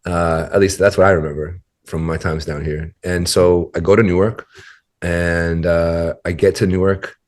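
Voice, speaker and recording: A man's voice: deep voice, level tone, normal speed, a little mellow. A man as a podcast guest, telling a story in a rambling, casual way full of fillers and restarts.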